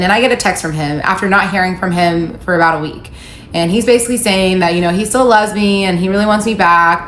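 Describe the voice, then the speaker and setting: A woman telling her own story to camera in a casual, candid and animated way, reading out texts as she goes. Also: lowish voice. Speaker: storyteller recounting her divorce. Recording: echoey room, faint ambience.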